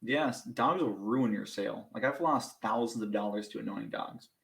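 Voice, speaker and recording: A young man, a podcast guest, telling casual stories in an animated, self-mocking way and laughing through them. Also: on the low side, normal speed, vocal fry, reverberant, poor audio. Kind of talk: casual storytelling.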